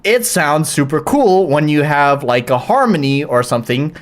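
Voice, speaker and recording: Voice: mid-range voice, lively intonation, moderate pace. A live streamer in casual chat, swearing often and rambling with restarts and fillers.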